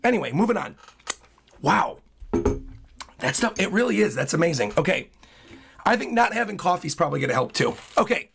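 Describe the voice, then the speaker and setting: A man streaming live in casual chat, hoarse with a worn-out voice, excitable and prone to bursts of loud hyped yelling. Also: on the high side, fairly quick, pauses often, background noise. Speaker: streamer reacting to a comic chapter.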